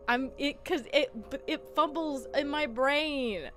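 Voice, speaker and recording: A woman's voice: high-pitched, extremely slow, long pauses, a bit bright. A woman streamer chatting casually and playfully, giggling often and tripping over tongue twisters. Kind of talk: casual live-stream chat while gaming. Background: background music.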